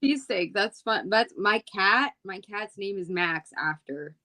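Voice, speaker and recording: A woman from Philadelphia chatting casually on a podcast, relaxed and laughing often. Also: mid-range voice, a little slow. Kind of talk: casual chat.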